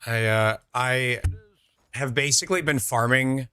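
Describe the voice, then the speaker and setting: A man's voice: mid-range voice, steady tone, unhurried, bright, forceful tone, clear, resonant tone, no echo. A young man streaming a game, chatting casually with his viewers and answering their messages. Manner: chatty, reads out and answers chat, laid-back. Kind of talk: casual chat with viewers while gaming.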